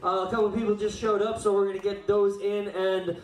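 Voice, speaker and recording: A man's voice: sits high, level tone, brisk. A man hosting an open mic night, upbeat and rallying the crowd between acts. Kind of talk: emcee crowd hype. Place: small live venue. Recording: echoey room, distant mic, faint noise.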